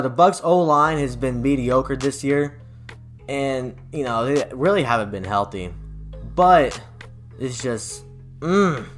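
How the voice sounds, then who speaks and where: A young man hosting a sports channel, giving casual football predictions in a rambling, offhand way. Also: mid-range voice. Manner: rambling, offhand, loose with fillers and restarts.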